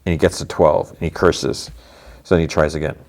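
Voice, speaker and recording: A man's voice: extremely low pitch, fairly even intonation, fairly quick, vocal fry, a little mellow. A man hosting a podcast, casually recapping a TV episode in a loose, rambling way full of filler words. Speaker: podcast host.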